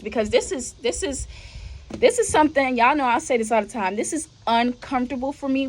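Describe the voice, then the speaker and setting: A young woman hosting a podcast, telling her faith testimony in a casual, conversational way and often addressing listeners as y'all. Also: on the high side. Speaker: podcast host.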